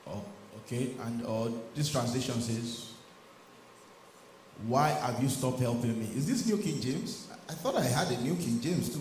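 A man's voice: mid-range voice, darkish tone. A man preaching a sermon, reading scripture aloud and building to emphatic peaks. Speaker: pastor. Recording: echoey room with faint ambient noise.

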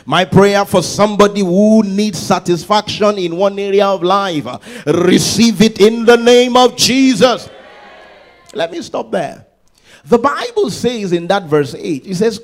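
High-voiced male preacher, rising to shouts. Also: lively intonation, measured pace. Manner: rises to shouted, sung-out exclamations, then drops low and conversational; repeats words and restarts mid-phrase. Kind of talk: sermon.

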